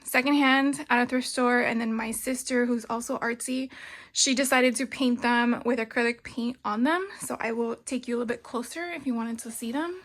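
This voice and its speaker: A middle-aged woman walks viewers around her home craft room, talking casually with plenty of ums and small laughs. Her voice sits a touch high and sounds bright and forward, and she is a little out of breath as she moves the phone around. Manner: chatty, frequent ums, light laughs. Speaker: craft vlogger.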